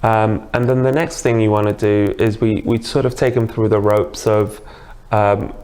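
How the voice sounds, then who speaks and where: British male guest, lower pitch, enthusiastic explainer. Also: fairly even intonation, normal speed, a little mellow. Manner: chatty and enthusiastic, explains with examples. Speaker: dating coach guest. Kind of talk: casual interview.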